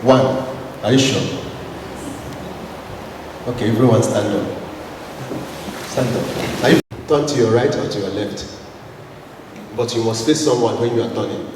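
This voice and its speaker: A man's voice: on the low side, a little slow, pauses often. A man from Nigeria, a Catholic priest, giving a spiritual talk to a gathering, telling a story and leading the audience in call and response. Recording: echoey hall, voice from far off, noisy.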